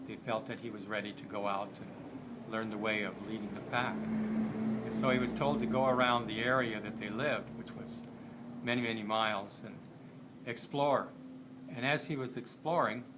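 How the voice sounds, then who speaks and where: A man telling a story in a halting, unhurried way, with frequent pauses and fillers. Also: on the low side, background noise. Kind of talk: spoken storytelling.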